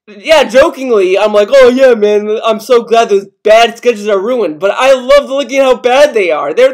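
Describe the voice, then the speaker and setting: Rambling, swearing young man. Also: very high-pitched. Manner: rambling, swears a lot, mock-outraged. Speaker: commentary youtuber. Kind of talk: casual reaction commentary.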